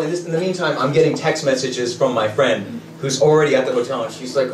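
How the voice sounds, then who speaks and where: A man telling a funny personal story in an animated, chuckling way, moving between narration and quoted dialogue. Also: medium pitch, fast, hardly any pauses. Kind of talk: live comic storytelling. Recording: echoey and distant with loud ambient noise.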